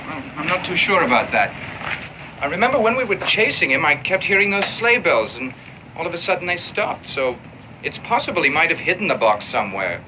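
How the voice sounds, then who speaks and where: A dutiful corporal, sheepish then barking orders, lively voice, muffled old TV sound with noise. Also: male voice, a little high, brisk, heavily acted. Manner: deferential to superiors, barks orders at townsfolk. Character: dutiful male army corporal, sheepish with superiors. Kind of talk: 1960s TV drama acting.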